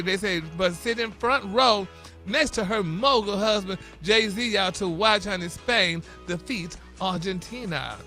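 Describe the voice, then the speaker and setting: A man's voice: high voice, pushed and bright. A man delivering a celebrity gossip segment on morning radio, flamboyant and theatrical, saying honey and y'all constantly.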